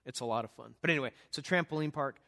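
A middle-aged man preaching in church, telling a personal story in a conversational way with halting restarts. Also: mid-range voice, gravelly, bright, forceful tone.

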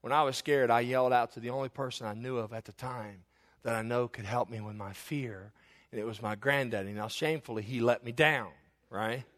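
A man's voice: mid-range voice, fairly even intonation, fairly quick, a bit bright. A middle-aged man, preaching a sermon as pastor and telling homespun stories with many restarts and asides. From Eastern Kentucky.

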